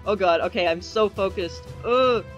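A man giving excitable live commentary while playing an online game, with a desk microphone. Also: high-pitched, muffled recording. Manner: excitable, quick reactions and exclamations. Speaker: gamer. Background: faint game music.

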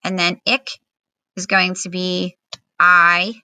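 A woman's voice: fairly low pitch, flat delivery, takes it slowly, sharp tone, clear, resonant tone, dry recording, rough recording. A woman teacher giving a recorded phonics lesson to children at home, patiently spelling out words with fillers.

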